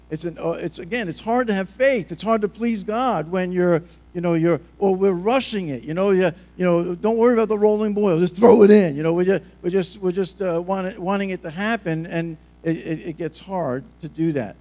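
A man's voice: high-pitched, a little mellow. A man preaching a sermon in a rambling, joking, storytelling way. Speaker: pastor.

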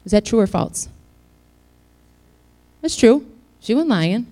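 A woman's voice: fairly high pitch, very animated, takes it slowly, warm tone. A woman preacher giving a casual, joking sermon, acting out the scenes she tells. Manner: chatty, joking, acts out scenes.

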